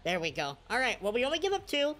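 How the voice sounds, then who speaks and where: A young man giving live commentary over his own gameplay, swinging from quiet mutters to sudden shouts. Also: extremely high pitch, huge pitch swings, fast talker, over music. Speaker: gaming video creator.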